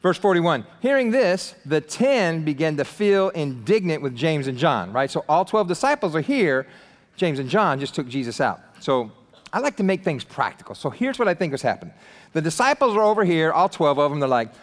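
A man preaching a casual, animated sermon, acting out voices of the people in the story with slang and jokes. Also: high-pitched, brisk, in a large hall. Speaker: pastor.

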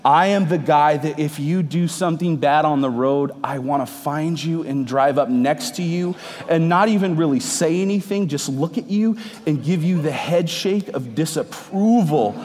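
A man's voice: on the high side, moderate pace, a little mellow. A man in his thirties preaching a sermon to a congregation, conversational and joking with the room. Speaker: pastor. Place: church hall with congregation. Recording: reverberant hall.

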